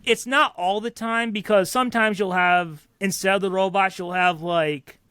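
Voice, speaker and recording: A man's voice: sits high, steady tone, moderate pace, sharp tone, clear, resonant tone, dry recording, clean studio sound. A man co-hosting a podcast, talking casually and rambling with fillers and restarts. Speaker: podcast co-host. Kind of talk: casual chat.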